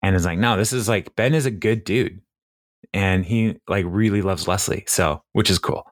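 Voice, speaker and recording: A man with a low-pitched voice hosts a podcast, casually recapping a TV episode in a rambling way full of fillers, often stopping to act out lines and laugh. He keeps a moderate pace, and the studio-quality audio has no room sound.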